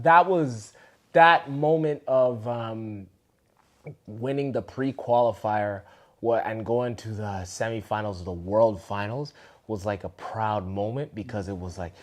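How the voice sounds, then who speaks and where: A Canadian man telling a story in a relaxed interview. His voice sits at a middle pitch, but it jumps high and loud whenever he quotes someone. The talk is casual, full of "you know" and "like". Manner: animated, acts out quoted people in a raised voice. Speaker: dance teacher telling a story.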